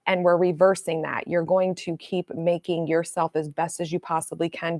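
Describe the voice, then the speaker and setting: A middle-aged woman coach talking casually on a livestream, blunt and animated, swearing freely as she tells stories. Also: lowish voice, dry recording, studio quality. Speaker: manifestation coach.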